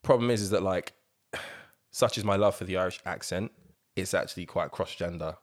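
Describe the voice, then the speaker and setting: A young man, co-hosting a casual podcast chat with slangy, animated banter and bursts of laughter. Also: sits low, normal speed. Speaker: podcast co-host.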